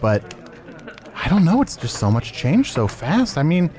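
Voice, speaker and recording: A man's voice: fairly high pitch, wildly swooping pitch, measured pace, a little mellow. A man hosting an improvised comedy podcast who talks in a playful, hesitant way. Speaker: host.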